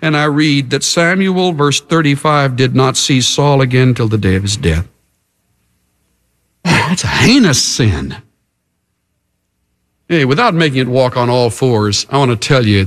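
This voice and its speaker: A man's voice: mid-range voice, fairly bright tone. A male preacher giving a sermon in an emphatic, dramatic way. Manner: emphatic and dramatic, acts out the characters.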